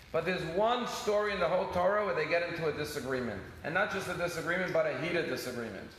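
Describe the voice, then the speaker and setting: Rabbi guy telling stories in a sermon, voice a bit high, big echoey hall with long reverb. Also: fast talker, hardly any pauses, fairly bright tone. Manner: storytelling, acts out dialogue with shifts in pitch. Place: synagogue hall. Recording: echoey hall with some noise.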